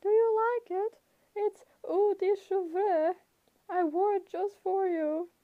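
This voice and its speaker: A woman voicing a nervous satyr boy who puts on a shrill falsetto, fluttering and placating. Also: steady tone, slow pace, no echo, phone-quality sound. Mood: nervous coy. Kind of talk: audiobook character voice.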